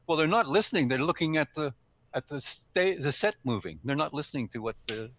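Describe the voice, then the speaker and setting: A man's voice: on the high side, animated, brisk, a bit bright, no room sound. An older man in casual instructional talk, explaining speaking tips in a conversational way with ums and self-corrections. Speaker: guest speaker, speaking coach. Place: live stream studio or room.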